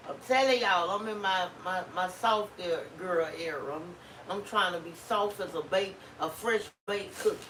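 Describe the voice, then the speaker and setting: A woman's voice: medium pitch, fairly bright tone, slight background noise. A middle-aged woman chatting casually with her husband on camera, telling playful stories and laughing often. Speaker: vlog co-host. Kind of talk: casual chat. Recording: echoey room, mic at a distance.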